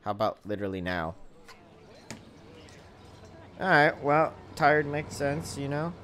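A man streaming his first playthrough of a video game, chatting casually, reading viewer messages aloud and thinking out loud with plenty of fillers. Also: a little high, animated, measured pace, a little hiss or hum. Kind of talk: casual gameplay commentary.

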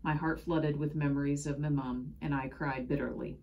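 A woman reading a children's picture book aloud in expressive first-person storytelling. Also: deep voice, normal speed, highs cut off. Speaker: storybook reader.

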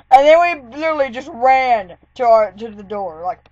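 A woman's voice: fairly high pitch, animated, moderate pace, a little mellow, dry recording, lo-fi sound. A woman vlogger telling a story in a casual, rambling way, with lots of "like". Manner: chatty, rambling, full of "like" fillers.

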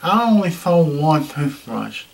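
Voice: mid-range voice, big pitch swings, unhurried, gravelly. A performer voicing a bumbling hare-lipped male toothbrush salesman who tells a comic story in character, with nasal, thick speech, rambling and repeating himself in folksy slang. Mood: folksy storytelling. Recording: voice distant from the mic.

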